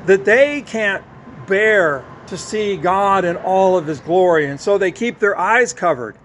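A man preaching a sermon, teaching slowly and drawing out his stressed words. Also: high voice, expressive, fairly bright tone, a little hiss or hum. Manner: slow, emphatic teaching with drawn-out stressed words.

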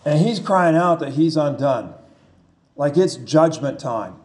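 A man delivers a sermon at an unhurried pace, leaning on repeated phrases for emphasis. His voice sits high for a man, and he often turns to the listeners with rhetorical questions. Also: animated, darkish tone. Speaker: preacher.

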